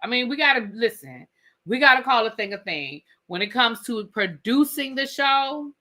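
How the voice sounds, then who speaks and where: Bright emphatic woman reviewer. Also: a little high, expressive, normal speed. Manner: emphatic, repeats points, swears. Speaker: TV reality show reviewer. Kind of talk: live rant and review.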